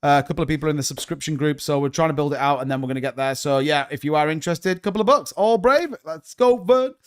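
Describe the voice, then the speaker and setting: Male livestream host, excitable and talkative, high smooth voice. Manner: chatty and excitable, quick to shout. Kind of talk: casual livestream chat.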